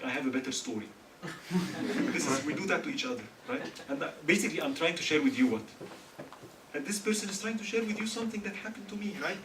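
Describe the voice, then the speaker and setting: A man's voice: on the high side, a bit bright. A man from Egypt giving a humorous religious talk to a live audience, joking and quizzing listeners with questions. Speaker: speaker at a student religious gathering. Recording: echoey hall, mic far off, faint hiss.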